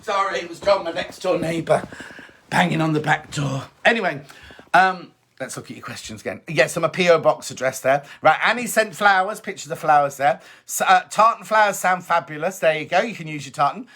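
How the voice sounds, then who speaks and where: A man presents a live sewing stream from his home, reading viewer comments aloud and repeating points in a chatty, cheerful style. He talks briskly, his slightly high voice expressive, pushed and bright.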